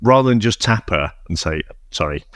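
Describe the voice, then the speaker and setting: A man with a low voice chats about a film on a review podcast, wry and rambling, stopping and restarting his thoughts. His pitch rises and falls widely as he talks. The sound is dry and close. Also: expressive, normal speed, no echo. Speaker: podcast co-host. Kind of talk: casual film review chat.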